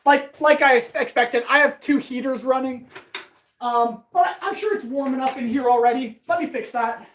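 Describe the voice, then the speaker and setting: A woman blacksmith chatting fast and eagerly with her live-stream audience while she works in her workshop. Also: high voice, a little hiss or hum, rough recording. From Canada. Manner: chatty, talks fast, answers chat eagerly. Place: workshop with power tools.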